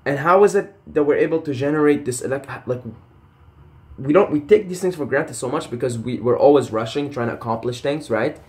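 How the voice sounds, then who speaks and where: A man's voice: medium pitch, a little fast, a little mellow. A young man talking casually to camera in a passionate, rambling rant full of swearing and tangents. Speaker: vlogger.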